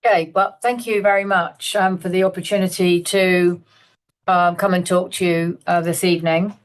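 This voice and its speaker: A middle-aged woman giving a webinar talk over a video call, relaxed and halting, with many ums. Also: fairly low pitch. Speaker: guest speaker. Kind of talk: presenting a webinar.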